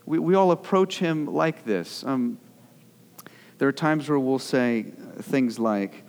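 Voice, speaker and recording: A man's voice: mid-range voice, expressive, slow, darkish tone. A young man preaching a sermon as pastor, in a conversational way with repeated words, building to earnest intensity. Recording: long hall reverb.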